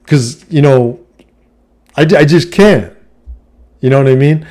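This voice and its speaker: A middle-aged man talks straight to camera in a casual monologue, blunt and profane, tagging his points with a questioning filler. His voice is warm and mellow rather than bright. His pitch sits in an ordinary middle range for a man. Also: slow. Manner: blunt and profane, heavy "you know what I mean" filler. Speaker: vlogger giving life advice.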